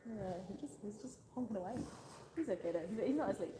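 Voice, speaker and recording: Her mid-range voice is warm and animated, and she talks fast while livestreaming from her farm on a handheld phone camera. She coos affectionately at the animals, laughs often, and rambles chattily to her viewers. There's noisy outdoor farm sound and a long reverb tail.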